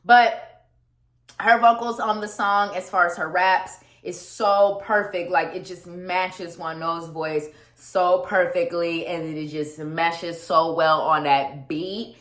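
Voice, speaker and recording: A woman vlogging an album review, gushing and animated, often laughing and repeating words for emphasis. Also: fairly low pitch, slow. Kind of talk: casual excited vlog talk. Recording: echoey room.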